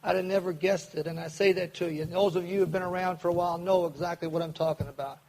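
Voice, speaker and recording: Older man, fairly high voice, earnest storytelling, recovery meeting speaker. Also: fairly even intonation, darkish tone, rough recording. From Kentucky. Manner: earnest, acts out quoted voices, speeds up and slows down. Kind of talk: storytelling talk to an audience.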